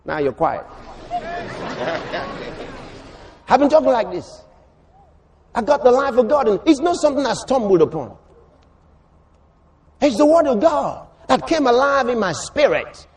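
A man preaching a sermon, emphatic and repetitive, rising to shouts. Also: extremely high pitch, big pitch swings, measured pace, long pauses.

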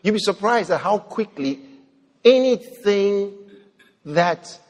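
A man preaching a sermon, animated, swinging between loud outbursts and low murmurs as he acts out people praying. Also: slow. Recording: long hall reverb.

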